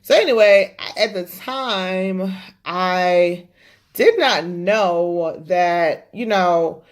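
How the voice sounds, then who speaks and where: A woman hosting a podcast, telling a story in a casual, animated and profane way. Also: lowish voice, drawn-out words. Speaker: podcast host.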